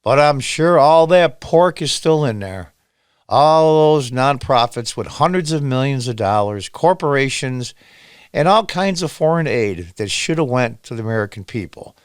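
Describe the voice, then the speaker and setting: A middle-aged man from upstate New York hosting solo political commentary in a sarcastic, emphatic, lively way. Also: medium pitch, normal speed, smooth, dry recording, clean studio sound.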